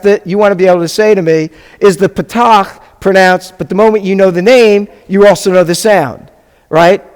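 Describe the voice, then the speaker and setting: A rabbi teaching a beginners' Hebrew class, patiently sounding out syllables and checking that the class is following. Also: male voice, sits high, a little fast, clear, resonant tone. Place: congregation classroom or hall. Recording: long reverb of a hall.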